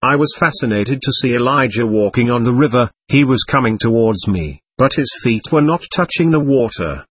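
A man narrates a memoir in the first person, husky and soft-edged. His delivery is gentle and measured, with a lively lilt in pitch. The sound is close and dry, with no room around it. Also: no echo. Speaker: audiobook narrator.

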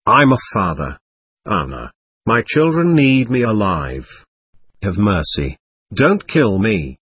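A man voicing a drunken man who begs tearfully and slowly for his life in an audiobook. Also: on the low side, sing-song, a bit bright, husky, dry recording, studio quality, voice pushed down, exaggerated voice. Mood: desperate pleading. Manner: pleading, tearful, slow. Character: stern dying drunk man begging for life.

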